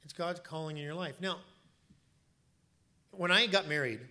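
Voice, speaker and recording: Male pastor, bright and forceful tone, fairly high voice, emphatic storytelling sermon in a church. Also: normal speed. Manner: emphatic, storytelling, repeats words for stress.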